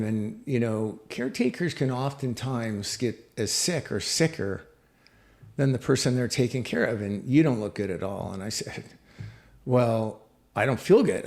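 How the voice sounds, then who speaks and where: A man's voice: medium pitch, a little mellow. A middle-aged man, a podcast guest, telling a personal story reflectively, with many fillers and restarts.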